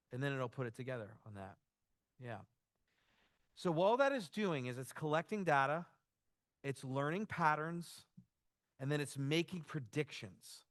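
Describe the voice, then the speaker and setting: A man's voice: fairly high pitch, lively intonation, unhurried, pauses often, a bit bright, dry recording, studio quality. A man giving a conversational church workshop talk, loose and informal, often restarting his sentences. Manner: casual, loose, with frequent restarts and "like". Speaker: workshop presenter.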